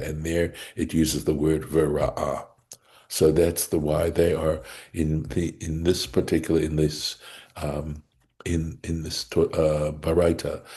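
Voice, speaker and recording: A man teaching a Talmud study class, reading Hebrew and Aramaic phrases aloud and translating them, often pausing with "right?" and restarting his sentences. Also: very deep voice, warm tone, husky. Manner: halting, restarts mid-sentence. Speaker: Torah teacher. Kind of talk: text study lesson.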